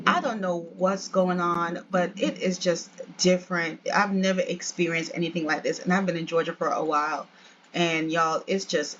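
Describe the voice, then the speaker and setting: A woman's voice: on the low side, lively intonation, normal speed, fairly bright tone, lo-fi sound, slight background noise. A woman giving casual, chatty gameplay narration as a let's play host, often addressing her viewers as "y'all".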